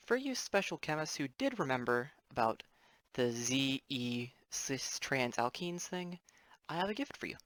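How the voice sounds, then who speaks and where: A man's voice: on the high side, fairly bright tone, no room sound. A young man, a student, giving a casual explainer lesson over his drawings, rambling with offhand apologetic asides. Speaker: student presenter.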